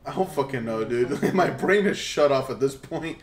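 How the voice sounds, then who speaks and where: A man's voice: medium pitch, moderate pace, roomy sound, a crowd in the background. A young man co-hosting a let's play, laughing and swearing in casual chat. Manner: laughing, profane, animated. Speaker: gaming channel co-host.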